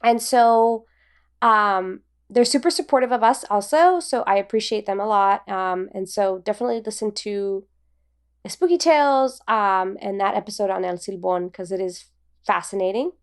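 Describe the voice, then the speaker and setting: A woman's voice: mid-range voice, expressive, normal speed, smooth. A woman co-hosting a podcast in casual chat. She talks in a giggly, rambling way with lots of fillers. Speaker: podcast co-host.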